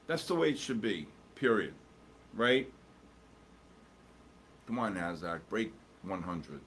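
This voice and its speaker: A man's voice: lowish voice, very animated, takes it slowly, a bit bright, slight background noise. Rambling, jokey male livestream host. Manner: rambling, jokey, answers chat while watching charts. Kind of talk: casual live market commentary.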